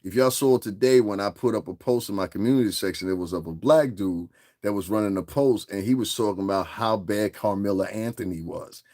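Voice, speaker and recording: A man's voice: on the low side, a little fast, a little mellow. A middle-aged man hosting a livestream, talking in a boastful, profane casual rant and often laughing mid-sentence. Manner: boastful, profane, keeps asking "you understand what I'm saying". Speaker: livestream host.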